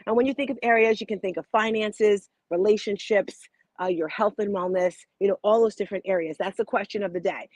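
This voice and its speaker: A woman in her fifties hosting a morning motivation show over a video call, bubbly and excitable. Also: mid-range voice, brisk, dry recording. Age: 50s. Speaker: show host.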